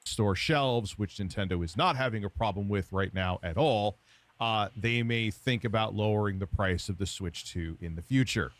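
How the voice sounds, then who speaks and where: A man's voice: lowish voice, moderate pace, dry recording. Sarcastic man doing gaming news. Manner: sarcastic, informal. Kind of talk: news commentary.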